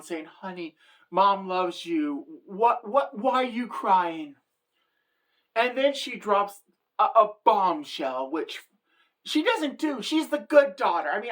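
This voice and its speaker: Middle-aged woman, brash, sassy, chatty, comedic storytelling. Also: mid-range voice. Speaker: satirical vlogger.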